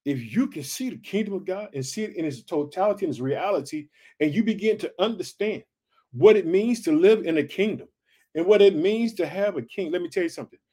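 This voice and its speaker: Male preacher, high voice, fired-up podcast sermon full of repeated call-outs. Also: brisk. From United States. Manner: excited, repeats "guess what" and "did you hear that". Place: home podcast setup in Chicago.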